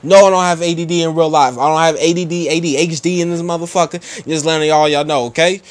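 A man's voice: fairly high pitch, steady tone, fast. A teenage boy giving casual gameplay commentary, brash and profane, rambling with lots of "you know" and slang. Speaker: gaming commentator.

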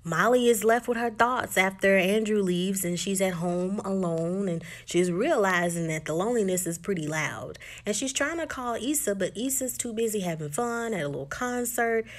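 A woman chatting through a recap of a TV episode, full of "like" and "just", jumping into characters' lines with sudden shifts in pitch. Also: normal speed, few pauses. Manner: chatty, filler-heavy retelling with lots of "like" and "just". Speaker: TV recap vlogger.

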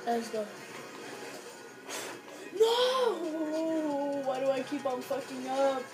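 A woman chatting casually with friends while gaming, loud and excitable, swearing freely. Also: high voice, normal speed, over music, poor audio. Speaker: gamer playing with friends.

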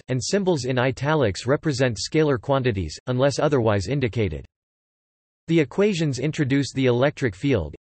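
A synthetic male voice of middling pitch reads an encyclopedia article flatly and evenly, spelling formula markup out letter by letter. The text-to-speech audio is close and dry, with no room sound at all.

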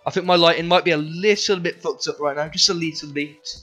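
A man's voice: on the high side, steady tone, fairly quick, bright, forceful tone, soft background music. A young man livestreaming a game, bantering with chat in a sweary, joking way. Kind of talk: live game streaming chat.

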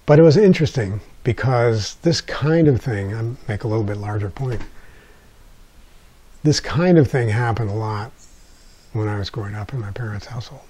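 An older man from the United States, an author, telling a personal story with animated, wry delivery and quiet asides. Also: on the low side, breathy edge.

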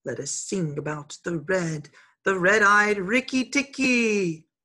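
Woman doing a flattering, feather-brained little bird, husky, storybook. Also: medium pitch, slow pace. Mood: singing triumph. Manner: sing-song, flattering. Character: foolish, boastful little male songbird.

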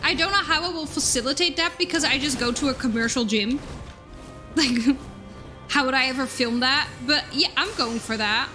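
A young woman streaming a game live, chatting with her viewers in an excitable way and swearing now and then, with faint game music behind her. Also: sits high, moderate pace. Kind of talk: casual live-stream chat while gaming.

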